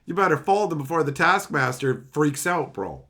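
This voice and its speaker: A man's voice: a little high, very animated, normal speed, a bit bright. A man live-streaming as he opens card packs, chatting casually and ranting sarcastically with lots of swearing.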